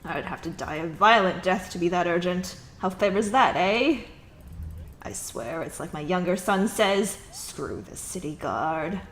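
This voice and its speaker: A woman voicing an indignant, gossipy older townswoman with loud, exaggerated outrage. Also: on the low side, lively intonation, measured pace, slight background noise. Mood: grumbling. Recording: echoey room with music.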